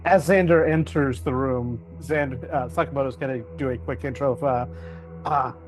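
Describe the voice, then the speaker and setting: A man playing a tabletop game who speaks haltingly, with many fillers. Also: mid-range voice, faint music behind. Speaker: player. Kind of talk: casual tabletop play.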